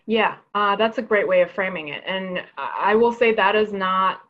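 A woman's voice: medium pitch, moderate pace, narrow, tinny audio. A woman lawyer and author speaking frankly and reflectively as an interview guest, often restarting her sentences. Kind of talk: candid conversational interview.

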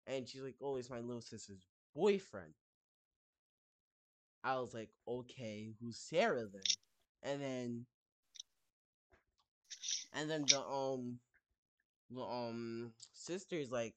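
A man's voice: medium pitch, unhurried, pauses often. A young man co-hosting a podcast, telling a story in a rambling, casual way with many fillers and restarts. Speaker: podcast co-host.

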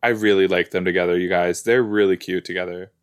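A man's voice: sits low, fairly even intonation, fast talker, smooth. A man hosting a reaction video, chatting casually and exclaiming and asking questions at the screen as he watches.

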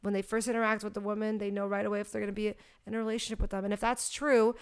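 A woman's voice: medium pitch, little pitch movement, rapid-fire, smooth. A young woman co-hosting a podcast, talking in a blunt, profane and jokey way. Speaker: podcast co-host. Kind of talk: casual chat.

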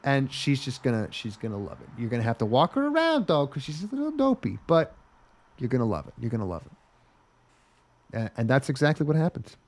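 Male comedy podcast co-host, lively pitch, profane, riffing recap. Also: a little fast. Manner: animated, swearing, riffs with mock voices.

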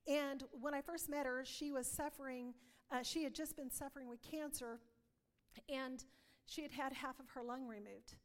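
A woman's voice: high voice, fairly even intonation, moderate pace, big-room sound. A woman giving an earnest testimony sermon, telling stories and acting out dialogue. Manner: earnest storytelling, acts out dialogue. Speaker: preacher.

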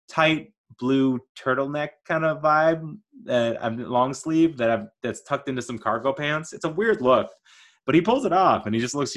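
A man's voice: on the low side, a bit bright. A young man hosting a movie review podcast, talking casually in an enthusiastic, chatty, playful way.

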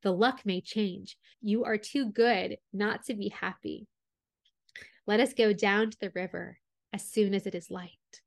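A woman voicing a small, loyal talking dog in a storybook reading, speaking in a gentle, encouraging way. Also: mid-range voice, steady tone, unhurried, vocal fry, no echo.

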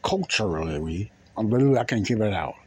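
A man's voice: lowish voice, expressive, a little fast, slightly rough. A man hosting a podcast, talking in a casual, rambling monologue that repeats phrases in plain, folksy speech. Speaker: podcast host.

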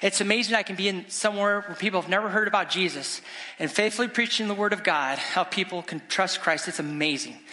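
A middle-aged man, a guest evangelist, preaching an animated, exclamatory storytelling sermon in a church sanctuary. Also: high voice, quick pace. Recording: long church reverb.

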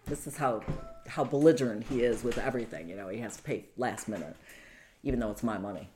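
A woman giving emotional personal testimony as an interview guest, in a halting, urgent way with a steady stream of "you know". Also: a bass voice, soft background music. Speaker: interview guest telling her own story.

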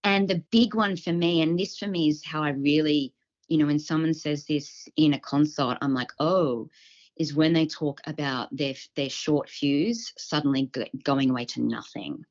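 A woman co-hosting a health podcast, explaining symptoms from her clinical work in a relaxed chat and acting out what patients say. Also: deep voice, normal speed, dull audio. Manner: explanatory, acts out patients' quotes. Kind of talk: casual chat.

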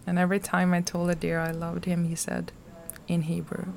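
Lowish gravelly woman reading her diary out loud, flat and soft, bit of hiss behind. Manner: soft and slow, drops into whispers. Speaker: vlogger reading her journal. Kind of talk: intimate journal reading, poetry-like.

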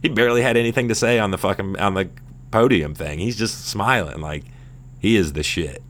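A man in his thirties hosting a casual sports chat, telling a fight story in a profane, rambling, animated way. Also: fairly low pitch, fairly quick. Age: 30s. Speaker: podcast host.

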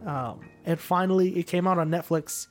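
Male podcast co-host, slightly high voice, casual storyteller. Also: faint music behind. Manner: chatty storyteller, quick when retelling. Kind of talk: casual chat. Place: Vancouver area.

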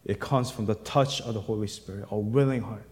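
A male pastor preaching a sermon, reading scripture aloud and building to loud, emphatic bursts before dropping back to a quiet voice. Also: fairly low pitch, steady tone, fairly quick. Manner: reads scripture aloud, acting out the quoted voices. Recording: long hall reverb.

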